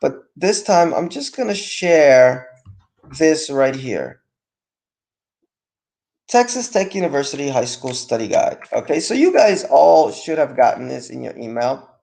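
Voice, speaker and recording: Gravelly-voiced man teaching vocab on a call. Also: mid-range voice, measured pace. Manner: animated, stresses each term loudly. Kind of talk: online class vocabulary review. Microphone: computer mic on a video call with screen sharing.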